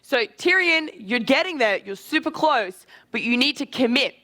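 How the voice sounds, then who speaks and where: A man coaching a live social skills seminar, energetic and casual, with quick asides and swearing. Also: extremely high pitch.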